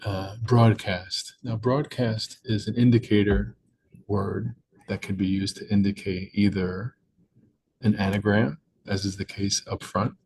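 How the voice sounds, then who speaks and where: A man's voice: fairly low pitch, little pitch movement, a little slow, vocal fry, darkish tone, a little hiss or hum, rough recording. A young man patiently explaining crossword clues in a tutorial, with small slips and restarts. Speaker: crossword puzzle maker and teacher. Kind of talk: screen-recorded tutorial walkthrough.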